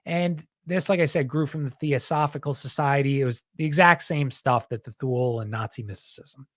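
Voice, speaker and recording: A man's voice: medium pitch, brisk, no echo, clean studio sound. A man hosting a podcast, talking in a rambling, heated, casual way and often saying "dude". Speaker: podcast host.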